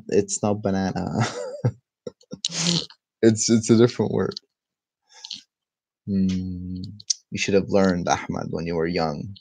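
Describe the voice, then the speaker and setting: A man with an Egyptian accent teaching his language in a relaxed, chatty live lesson, tired and reading viewer comments aloud. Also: low voice, creaky, no room sound. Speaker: Arabic teacher. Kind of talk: casual live-stream lesson.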